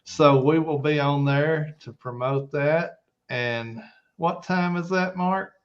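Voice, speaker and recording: A man's voice: on the high side, slow, highs cut off. A man hosting a livestream chat in an easygoing, promotional way. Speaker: host.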